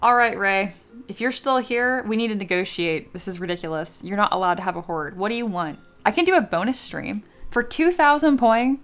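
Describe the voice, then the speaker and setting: A woman's voice: medium pitch, fairly quick, fairly bright tone. A young woman streamer chatting casually with her viewers, swearing and playing up dramatic mock outrage. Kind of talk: casual live-stream chat.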